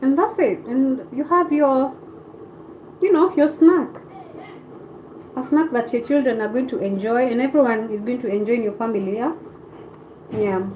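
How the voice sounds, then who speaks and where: A woman's voice: fairly high pitch, normal speed, long pauses, darkish tone, slight background noise, poor audio. A woman from Kenya with a Kenyan accent, hosting a casual live stream and chatting back to viewer comments.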